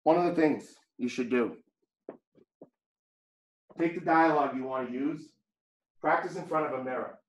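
A man with a heavy Boston accent, teaching a real estate training class in a blunt, conversational, jokey way. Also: a little high. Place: training room. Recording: echoey room.

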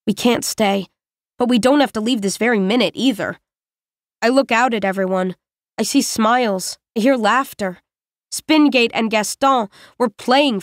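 A woman narrating an audiobook in the first person, with measured, reflective storytelling on a close studio microphone. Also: mid-range voice, no room sound.

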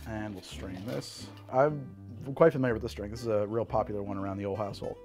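A middle-aged man hosting a casual cocktail tutorial at his home bar, chatty and animated, swearing freely. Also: lowish voice, quick pace, music in the background. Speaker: host making cocktails.

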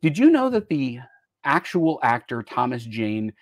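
Man, American, show host, rambling chatty delivery, middle pitch, close dry sound. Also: big pitch swings, measured pace, dry recording. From United States. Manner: chatty and rambling, jumps between topics mid-sentence. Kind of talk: casual live-stream chat.

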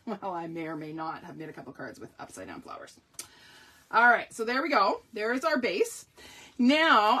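A woman's voice: mid-range voice, fairly bright tone, husky. A woman hosting a live card-making tutorial, chatty and upbeat, with self-deprecating asides as she demonstrates. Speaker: crafting tutorial host.

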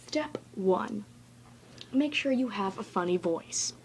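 A woman's voice: medium pitch, lively intonation, slow, slight background noise. A woman recording a casual, rambling tutorial vlog in her bedroom, chatty and goofy and easily sidetracked. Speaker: vlogger.

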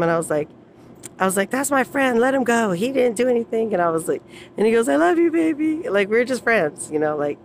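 A woman's voice: fairly low pitch, slight background noise. A woman telling personal stories in a casual vlog, rambling with many fillers and frequent laughs. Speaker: vlogger.

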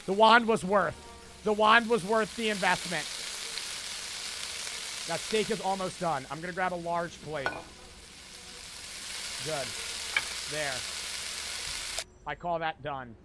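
A young man streaming a cooking game, talking to his chat in a frantic, profane, yelling way. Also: high-pitched, slow, pauses often, very noisy. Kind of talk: gaming livestream commentary.

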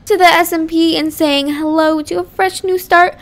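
A woman YouTuber giving casual, rambling game commentary into her microphone, giggling and melodramatic. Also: very high voice. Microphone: desk microphone.

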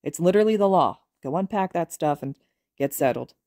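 A woman reading the part of a gruff, burly male teacher who talks bluntly and matter-of-factly. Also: on the low side, animated, fairly quick, dark tone, no room sound, clean studio sound, natural voice.

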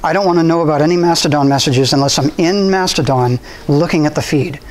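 Man presenting to a club audience, slightly higher pitch, easygoing with ums and restarts. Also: quick pace, rough recording. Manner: conversational, relaxed, with frequent restarts and ums. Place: university room.

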